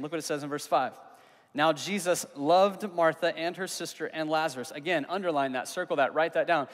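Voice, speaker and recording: A young man preaching a sermon as pastor, earnest and conversational, pausing for emphasis on key words. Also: on the high side. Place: church hall. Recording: long reverb of a hall.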